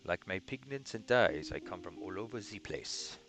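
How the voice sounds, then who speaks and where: A wiry foreign dye merchant who has roamed everywhere, as a man reads him out speaks slowly in a low, playful and grand manner. He draws out his words for effect. Guitar music plays clearly behind him. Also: animated. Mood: jovial.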